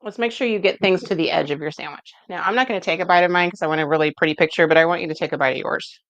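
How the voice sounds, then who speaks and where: A Midwestern American woman hosts a relaxed cooking chat, walking through each step as she builds the food. Her voice sits a little low. The sound is dry and slightly dull, like a lo-fi home recording. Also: rapid-fire, no room sound. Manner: chatty, explains steps as she goes. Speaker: cooking show host.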